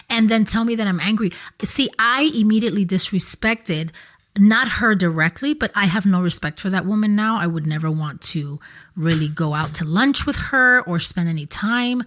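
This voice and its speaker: Woman podcast co-host, earnest storyteller, mid-pitched, casual chat into a podcast mic. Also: lively intonation, moderate pace, a bit bright. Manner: earnest, storytelling, acts out quoted voices. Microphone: podcast microphone.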